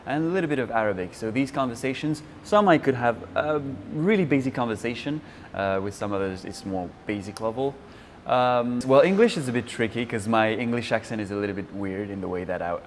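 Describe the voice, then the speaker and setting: A young Frenchman speaks in a fairly low voice, answering interview questions with a French accent. He talks haltingly, with many fillers and restarts. A faint hum of ambience sits behind him. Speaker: interview guest.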